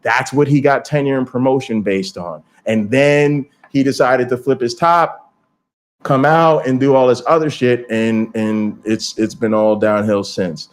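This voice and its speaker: A man hosting a casual livestream, talking straight to viewers in an animated, profane way. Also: mid-range voice, unhurried. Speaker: streamer and channel host.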